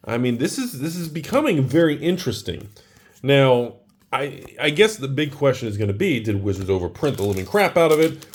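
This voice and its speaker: An American man who owns a card shop, chatting casually in a vlog while opening packs. He rambles in an excitable way, filling his talk with "like" and "dude.". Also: medium pitch, slight background noise. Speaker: card shop owner and investing vlogger.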